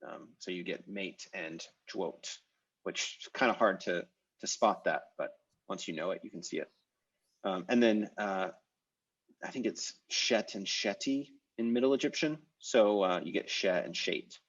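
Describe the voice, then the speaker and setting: A man's voice: sits low, measured pace, breathy edge, dull audio. A man teaching a live online language class over a video call, explaining step by step with many "uh"s and "um"s. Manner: explanatory, with frequent "uh" and "um".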